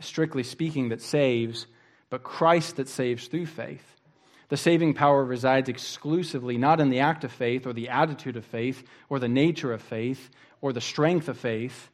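A man delivers a sermon at a middle pitch, earnest and reflective. He pauses and restarts phrases as he thinks aloud. His voice sinks to a hush when he quotes a line. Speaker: pastor.

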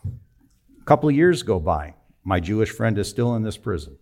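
Low-voiced older man preaching a story. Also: sing-song, normal speed. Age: 60s. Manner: conversational, emphatic storytelling with sudden drops to a low, quiet voice. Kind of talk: storytelling sermon.

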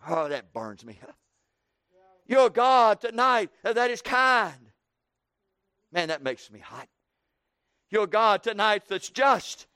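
A man preaching plays a resentful prophet, venting his anger in an indignant, emphatic voice. The tone is high and smooth for a man. The sound is dry and close. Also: slow, pauses often, sharp tone, no room sound, heavily acted. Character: bitter, resentful male biblical prophet.

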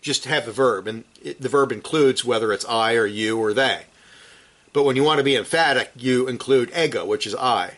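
At a normal speed, a preacher teaches from scripture in an emphatic sermon, his delivery climbing to forceful peaks and then sinking low and quiet.

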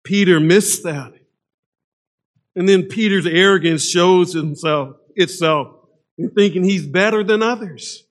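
A male pastor preaching a sermon, emphatic, dropping low and quiet then rising to strong stress. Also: a little slow. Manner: emphatic, swings between loud stress and low hushed lines.

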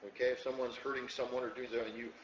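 A man's voice: medium pitch, flat delivery, racing, recorded from a distance, a little hiss or hum. A man preaching a conversational sermon as a pastor to a small congregation, often checking in with "okay?". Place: church hall, room with congregation. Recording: echoey lo-fi room recording from afar.

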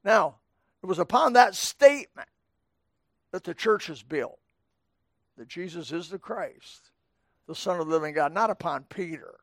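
A middle-aged man preaches to his church in a homespun, chatty manner, often turning to speak to people in the pews. His voice sits high for a man, and the sound is close and dry, with little room echo. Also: expressive, a little slow, long pauses, fairly bright tone. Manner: folksy, conversational preaching with asides to the congregation. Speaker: pastor. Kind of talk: sermon. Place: church sanctuary.

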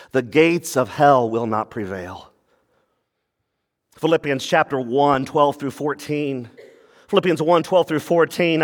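A pastor preaching a sermon, animated, with playful asides and quick mock voices. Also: male voice, fairly high pitch, in a large hall.

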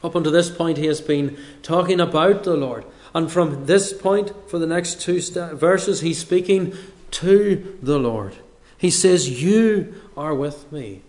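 A man delivering a sermon at an unhurried, deliberate pace. His voice sits a little higher than most men's, and he leans on pauses for weight. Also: a little mellow. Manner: slow, measured delivery with dramatic pauses. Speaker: preacher.

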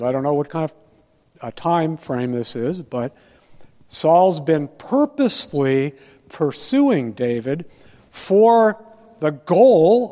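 A man teaching a Bible study lecture, deliberate and posing rhetorical questions to his listeners. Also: fairly high pitch, darkish tone, in a large hall.

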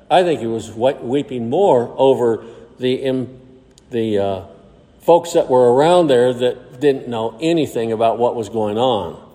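A man preaching a sermon. He reads scripture aloud in old-fashioned wording and then explains it in plain, conversational terms, slowing down for emphasis. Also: medium pitch, mellow, long reverb tail.

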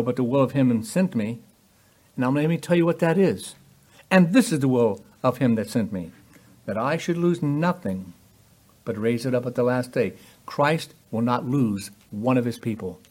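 A man's voice: mid-range voice, expressive, normal speed, a little mellow. Emphatic male preacher. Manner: emphatic, rhetorical questions, acts out quoted voices. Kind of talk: sermon.

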